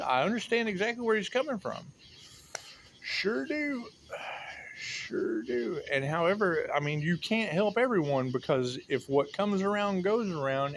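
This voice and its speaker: Man, tarot reader, rambling rant, repetitive and profane, slightly high voice, faint background noise. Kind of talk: rambling monologue.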